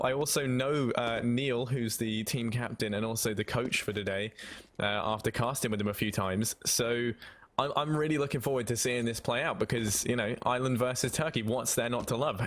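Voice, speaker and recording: A man's voice: medium pitch, a bit bright. A man hosting a live esports broadcast, talking in an upbeat, chatty way with frequent restarts. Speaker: esports match host. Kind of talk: live esports casting chat.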